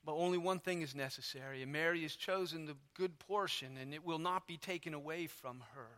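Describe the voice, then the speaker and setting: Preacher playing a calm male teacher rebuking gently, quieter and lower. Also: racing, long reverb tail. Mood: gentle. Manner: gentle, soft-spoken.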